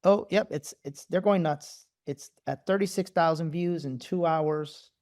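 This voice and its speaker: Host, male, live spiritual talk; excitable, swears freely, rapid repeated yeses. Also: a little high. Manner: animated, profane, repeats words in bursts.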